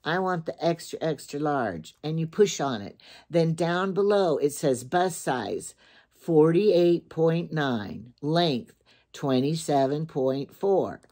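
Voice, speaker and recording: An older woman with a low-pitched voice talks in a loose, chatty way. She rambles and repeats herself, thinking aloud as she goes through her shopping haul. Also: expressive, slow, dark tone. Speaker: shopping vlogger. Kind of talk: casual chat.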